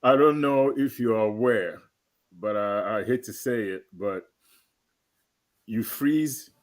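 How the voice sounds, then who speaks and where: A man co-hosting a live stream, chatting in a relaxed, plain-spoken way over a video call. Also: on the low side, takes it slowly, over a noisy crowd. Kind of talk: casual chat.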